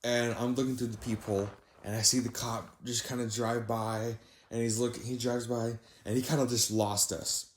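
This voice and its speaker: A young man casually narrating a storytime anecdote, voice jumping higher when he quotes his own disbelief. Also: moderate pace, few pauses, a little hiss or hum. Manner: animated, rises sharply when quoting himself in disbelief. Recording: echoey room.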